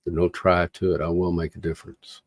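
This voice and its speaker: A man's voice: low voice, little pitch movement, a little fast, slightly rough, no room sound. A man hosting a livestream, giving an impassioned, earnest motivational talk that repeats phrases for emphasis. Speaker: livestream host.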